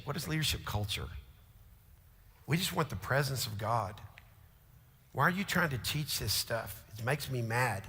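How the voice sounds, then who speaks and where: Middle-aged man, pastor, sermon storyteller, forceful and gravelly, big reverberant church. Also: mid-range voice. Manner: storytelling, swings from hushed to shouting. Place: large church auditorium. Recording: long hall reverb.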